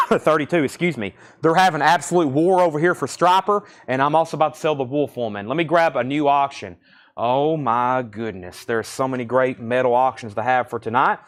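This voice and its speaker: A man hosting a live online record auction, calling out titles, prices and bidders in a brisk, businesslike patter. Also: medium pitch, a bit bright. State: throat a bit choked, coughing.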